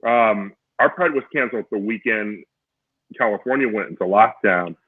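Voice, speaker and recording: A man's voice: fairly low pitch, moderate pace, husky. A man guesting on a casual chat over a video call, drawling with giggly asides. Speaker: guest comedian. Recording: tinny phone-like line.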